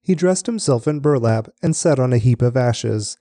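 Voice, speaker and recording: Male scripture reader, very dark and mellow tone, measured delivery, dry close mic. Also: medium pitch, lively intonation, dry recording. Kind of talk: steady scripture reading.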